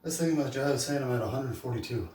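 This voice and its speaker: A man's voice: mid-range voice, quick pace, a little mellow, roomy sound, recorded from a distance. A man vlogging his workout, out of breath and chatting between sets. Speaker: fitness vlogger. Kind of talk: casual workout talk to camera.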